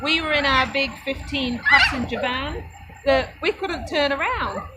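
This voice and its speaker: A woman's voice: sits high, unhurried. Woman from britain rambling through a trip story on a live stream, laughs a lot, noisy background. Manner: chatty, laughs often, talks to her kids mid-story. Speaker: homesteading live-stream host. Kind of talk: casual storytelling to viewers.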